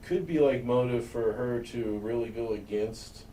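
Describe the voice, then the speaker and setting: A man's voice: medium pitch, measured pace, warm tone. A man co-hosting a podcast, adding laid-back, profane comments in casual chat. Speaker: podcast co-host. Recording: roomy room, far from mic, faint noise.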